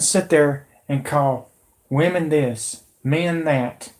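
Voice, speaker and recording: A man's voice: on the high side, slow, a little mellow. A man in his late thirties hosting his own channel, delivering a heated, repetitive, confrontational political rant. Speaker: channel host.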